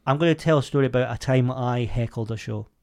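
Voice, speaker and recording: A man's voice: medium pitch, fast talker, darkish tone. A British man co-hosting a comedy podcast in casual, rambling chat full of fillers and laughs. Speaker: podcast co-host.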